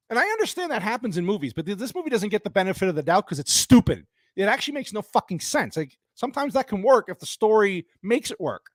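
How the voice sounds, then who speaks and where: A man's voice: high-pitched, dry recording, studio quality. A man giving a profane, exasperated movie review in a ranting style.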